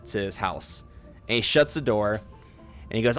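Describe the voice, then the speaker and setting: A man's voice: medium pitch, moderate pace, faint music behind. A man narrating a tabletop game as game master, loose and rambling.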